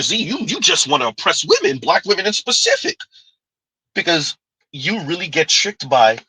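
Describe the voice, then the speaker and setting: A husky man hosts his commentary, addressing viewers emphatically with rhetorical questions. His tone is bright and forceful, and the sound is dry and close. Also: a little high, wildly swooping pitch, moderate pace, no room sound, poor audio. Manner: emphatic, rhetorical, talks to the audience. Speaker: host.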